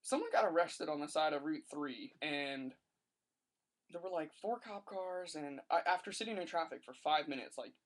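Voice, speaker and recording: A young man telling a rambling story to his webcam, animated and full of "like", in a casual vlog. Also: on the high side, moderate pace. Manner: rambling, animated rants with lots of "like". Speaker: vlogger.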